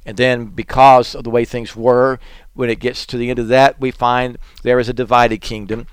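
A man's voice: mid-range voice, level tone, normal speed, clear, resonant tone, no room sound. A male preacher delivering a sermon with rhythmic, repetitive phrasing, his volume swelling and falling as he reads and chants scripture. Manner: chanting litanies and reading scripture aloud.

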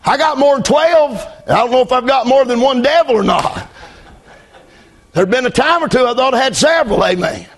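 A middle-aged man preaching a fiery sermon as pastor. He drops to hushed storytelling, then shouts fervently, repeating phrases and calling out amen. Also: extremely high pitch, animated, moderate pace.

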